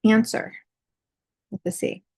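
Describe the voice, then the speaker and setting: A woman's voice: slow pace, darkish tone, dry recording. A woman in her forties, out of breath, telling a personal story in a rambling way, full of fillers and restarts. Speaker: artist vlogger.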